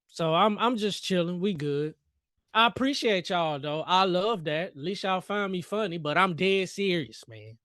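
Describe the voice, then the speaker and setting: A man's voice: high voice, lively intonation, moderate pace, fairly bright tone, no echo, studio quality. A man hosting a trading livestream, joking and talking back to the chart in casual live commentary. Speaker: livestream host and futures trader.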